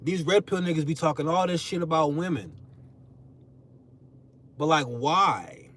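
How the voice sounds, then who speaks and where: A slightly high male voice at a measured pace belongs to a young content creator ranting on a podcast. He's emphatic and animated, leans on slang, and puts on mocking voices when quoting others.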